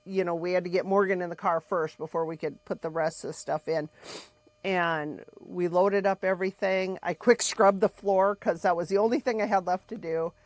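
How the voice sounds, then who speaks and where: A woman's voice: lowish voice, dry recording. A woman candidly retelling her family's story, acting out the dialogue and swearing bluntly as she goes. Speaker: podcast co-host telling her family's story. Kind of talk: emotional personal storytelling.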